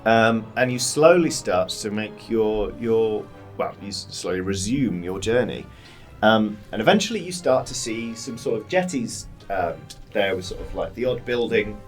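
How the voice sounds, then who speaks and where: A man's voice: on the low side, expressive, normal speed, soft background music. A man narrating as game master of a tabletop game, rambling with many fillers.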